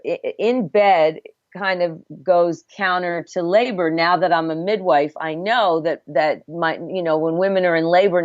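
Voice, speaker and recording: A woman's voice: lowish voice, dry recording. A middle-aged woman, a midwife and former obstetric nurse, telling her story earnestly and reflectively in a conversational interview. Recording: dull, dry lo-fi audio.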